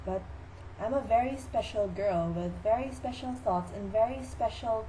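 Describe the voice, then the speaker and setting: A woman's voice: a little high, moderate pace, dark tone, slight background noise, natural voice, poor audio. A teenage girl voicing a dreamy, childlike young sister in a school skit, in a whimsical, sing-song voice. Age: teens.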